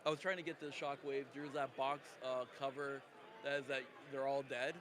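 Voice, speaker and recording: A man's voice: medium pitch, little pitch movement, moderate pace, a crowd in the background. A man interviewing guests at a convention, rambling loosely and laughing often. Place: convention lounge.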